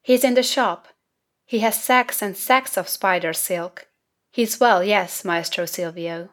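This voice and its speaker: A woman's voice: mid-range voice, takes it slowly, natural voice. A woman voicing an eager young village boy in a storybook reading, who chatters in a stream of anxious questions.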